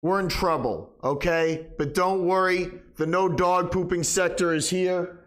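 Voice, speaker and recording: A man's voice: high-pitched, fairly even intonation, a little slow. A young man live-streaming a game with comedic, overdramatic mock panic.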